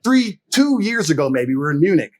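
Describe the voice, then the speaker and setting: A man's voice: fairly high pitch, sing-song, brisk, darkish tone. A man in a podcast chat, telling boastful stories in a brash, profane way and laughing often. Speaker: podcast guest. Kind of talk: casual storytelling chat.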